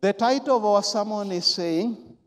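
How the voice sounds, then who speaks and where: High-voiced pastor preaching in echoing hall. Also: male voice, moderate pace. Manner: emphatic, repeats key words, swings from quiet to loud. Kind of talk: sermon. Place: large church hall. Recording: long church hall reverb.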